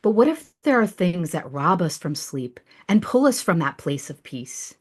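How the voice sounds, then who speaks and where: A woman reading her own rhyming devotional poem slowly and softly over a video call. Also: on the low side, sing-song, slightly rough. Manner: slow, hushed rhyming recitation. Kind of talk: recited devotional poem, then casual chat.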